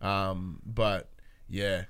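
A man's voice: low-pitched, flat delivery, very slow, a bit bright, clear, resonant tone. A young man, hosting a casual gaming chat in a rambling, self-deprecating way with casual swearing. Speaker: podcast host.

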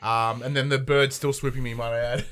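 An Australian man hosting a podcast from a home studio, telling stories in a casual, animated way and swearing freely. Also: medium pitch, brisk, a little hiss or hum. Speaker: podcast host. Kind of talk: casual chat. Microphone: headphones and studio mic.

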